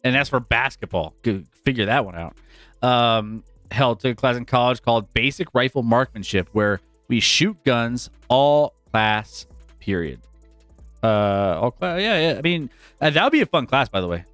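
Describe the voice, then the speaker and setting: A man's voice: mid-range voice, animated, normal speed, a bit bright, dry recording, soft background music. Chatty laughing male sports host. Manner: laughs often, loose and chatty. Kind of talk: casual sports chat on a livestream.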